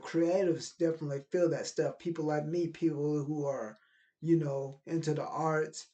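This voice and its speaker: A man from Middle Tennessee with a softened Southern accent, talking casually to camera with lots of fillers and turning blunt and emphatic. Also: on the high side. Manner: loose, rambling, frequent "you know" fillers; grows emphatic and blunt, with swearing. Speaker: vlogger. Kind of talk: casual motivational talk to camera.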